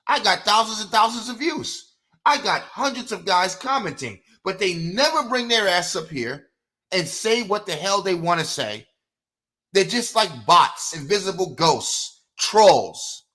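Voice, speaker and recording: A middle-aged man hosting a live boxing podcast, ranting with fiery, profane outbursts that drop into low mutters. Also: animated, unhurried, bright, forceful tone. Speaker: podcast host. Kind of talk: live-stream boxing rant.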